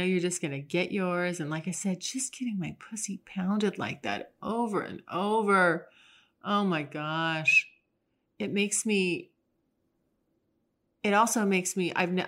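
Young adult woman, solo podcast host; frank, chatty delivery, slightly low voice. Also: fairly bright tone. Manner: frank, chatty, with frequent restarts. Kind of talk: casual solo monologue.

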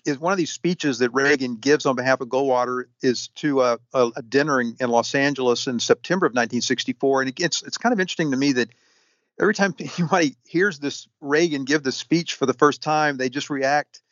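A man answering interview questions at length, halting often with fillers and restarts. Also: medium pitch, a bit bright, dry recording. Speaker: historian guest. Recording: dull, lo-fi sound.

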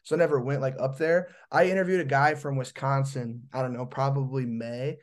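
A man's voice: medium pitch, steady tone, fairly quick. A man from Indiana hosting a podcast, asking loose, rambling questions full of fillers in a casual interview chat. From Indiana, US Midwest. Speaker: podcast host.

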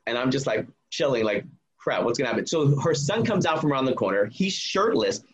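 A man's voice: mid-range voice, brisk, breathy edge, muffled recording. A man telling a personal story in a casual way, acting out what each person said. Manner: animated, acts out quoted dialogue.

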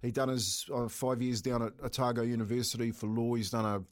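A man's voice: mid-range voice, level tone, brisk. A middle-aged man with a New Zealand accent, co-hosting a radio show, telling a funny family story with frequent laughter and lots of "mate". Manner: chatty, laughs often, says "mate" a lot. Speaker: radio co-host. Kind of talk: casual radio banter and storytelling.

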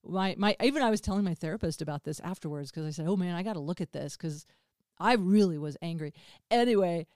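Animated, clear-voiced woman storyteller. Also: fairly low pitch, quick pace, no echo, studio quality. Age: 50s. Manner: animated, swears freely, acts out dialogue. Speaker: podcast host. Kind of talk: candid conversational storytelling.

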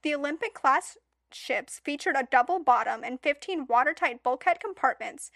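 A woman's voice: high-pitched, lively intonation, moderate pace, a bit bright, no echo, studio quality. A woman co-hosting a podcast, chatting casually and reading notes aloud in a playful way, laughing often. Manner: playful, laughs often, stumbles over long read passages. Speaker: podcast co-host. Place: podcast studio.

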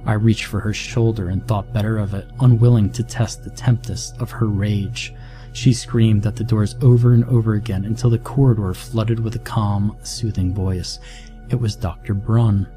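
A man narrating a horror story in a steady, dramatic storytelling manner, with music underneath. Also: on the low side, normal speed.

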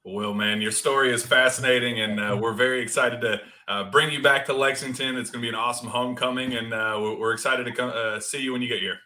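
A man hosting a podcast, chatting in a relaxed way with a guest. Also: mid-range voice, fast talker, hardly any pauses. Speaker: podcast host. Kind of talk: casual interview.

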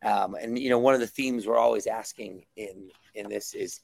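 Gravelly-voiced man, enthusiastic comic writer. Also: lowish voice, fairly even intonation, moderate pace, a little mellow, no room sound. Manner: enthusiastic, rambling with many fillers. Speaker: guest comic book writer. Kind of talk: casual interview talk.

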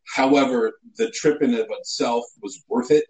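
A man telling a comic story in a casual chat, animated and mock-indignant. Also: medium pitch, normal speed, low-quality recording.

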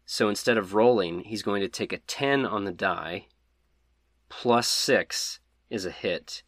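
A man narrating a tabletop game as game master, relaxed and laughing at his bad dice rolls. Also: lowish voice, unhurried, no room sound, studio quality.

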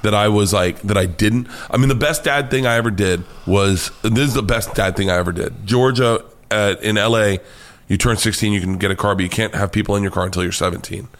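A middle-aged man telling stories as a comedian guest in a casual interview, swearing freely and acting out quotes with sudden loud outbursts. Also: lowish voice, fairly quick. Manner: animated storyteller, swears freely, acts out quotes loudly.

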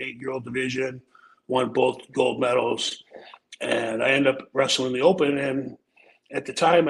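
A middle-aged man from Omaha, Nebraska, with a gravelly, creaky edge to his mid-pitched voice. He tells stories in a loose, casual way, dropping curse words and "man" as he goes. A faint hiss of noise sits under the recording. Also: low-quality recording. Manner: laid-back and profane, peppers talk with "man" and "um". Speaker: podcast guest storyteller, former wrestler. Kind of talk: casual storytelling.

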